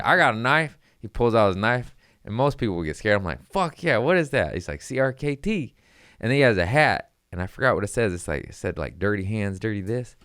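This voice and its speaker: A man's voice: low-pitched, a bit bright, smooth, no echo, clean studio sound. A man, a comedian hosting his own show, telling stories in a rambling, profane, laid-back way. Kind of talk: casual storytelling chat.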